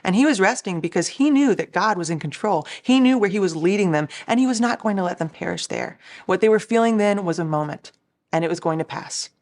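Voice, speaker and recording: A woman's voice: mid-range voice, lively intonation, brisk, a little mellow. A woman, a Christian recording artist, giving an earnest, encouraging devotional talk in a conversational way.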